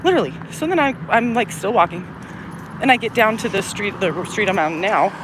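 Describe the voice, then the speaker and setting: A middle-aged woman vlogs into her phone as she walks, rambling and drifting off topic, cursing casually, a bit breathless in the heat. Her pitch jumps up and down a lot. Cars and street noise come through clearly behind her. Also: lively intonation, brisk. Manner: rambling, digressive, swears freely, trails off with "anyways". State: short of breath in the humid heat. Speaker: vlogger. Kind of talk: casual rambling monologue while walking. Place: outdoors on a busy city street.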